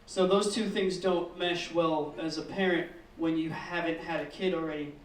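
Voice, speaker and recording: Stand-up comic, male, high-pitched and deadpan, recorded in an echoey room from a distance. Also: normal speed, slight background noise. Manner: deadpan storytelling, swearing, acting out kids in squeals. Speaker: stand-up comedian. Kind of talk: stand-up comedy set. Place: comedy open mic room.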